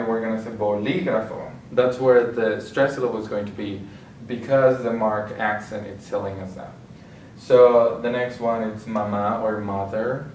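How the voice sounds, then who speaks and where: A man's voice: fairly low pitch, darkish tone, slight background noise. Man teaching, roomy and distant. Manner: slow, explanatory, with frequent restarts. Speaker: Spanish teacher. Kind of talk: classroom-style lecture. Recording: roomy and distant with faint ambience.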